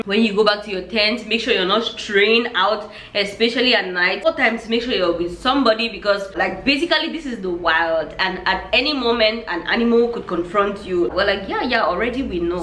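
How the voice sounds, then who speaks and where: A woman vlogger telling a story in a lively storytime vlog, acting out her own reactions as she goes. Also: on the high side, reverberant.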